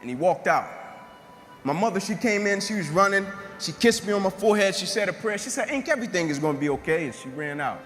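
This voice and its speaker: A man with a very high-pitched voice delivers a motivational speech, telling his own story. He talks emphatically and repeats himself, acting out each exchange of dialogue. A clear music bed plays under him. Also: lively intonation, fast talker, a bit bright, in a large hall. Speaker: motivational speaker.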